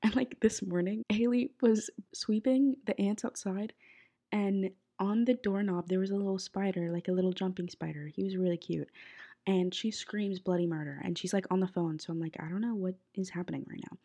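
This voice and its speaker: Young woman, podcast host, casual chat, lots of fillers, gravelly, warm low tone. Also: steady tone, brisk. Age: young adult. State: a bit sick. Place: college apartment bedroom.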